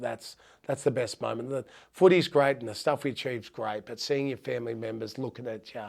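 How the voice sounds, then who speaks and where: A man's voice: medium pitch, moderate pace, creaky. A middle-aged Australian man, a former rugby league player, telling heartfelt stories in a podcast interview with frequent restarts.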